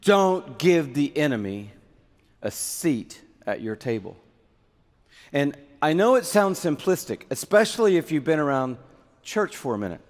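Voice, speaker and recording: A middle-aged man preaching a sermon in a large hall, animated and acting out little scenes to make his point. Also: on the high side, a little slow. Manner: animated, acts out little skits with props. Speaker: pastor. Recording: reverberant hall.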